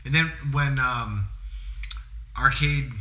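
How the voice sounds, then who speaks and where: A man's voice: mid-range voice, slow, pushed and bright, echoey room. A man hosting a casual movie podcast, joking and laughing often between loose, trailing sentences. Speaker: podcast host. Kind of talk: casual chat about a movie.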